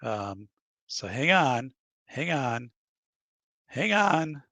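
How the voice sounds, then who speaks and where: A man's voice: mid-range voice, big pitch swings, extremely slow, bright, forceful tone, dry recording. A man hosting a podcast in his studio, rambling casually and acting out bits of dialogue while laughing at his own stories. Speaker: podcast host. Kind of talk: casual chat.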